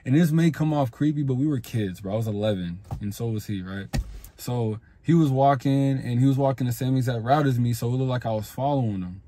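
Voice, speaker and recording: A young adult self-improvement vlogger gives blunt, profane, slangy advice on making friends in a casual monologue. His voice is medium-pitched, brisk and dark-toned, with slight background noise.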